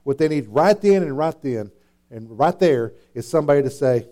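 A man's voice: a little high, lively intonation, moderate pace, mellow. A man preaching a sermon, emphatic and repetitive, asking his listeners rhetorical questions. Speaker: pastor.

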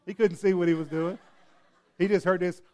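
A man preaching a sermon in a church, animated and repetitive, with sudden swings between quiet and loud. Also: high voice, fairly quick. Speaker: pastor. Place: church hall with congregation.

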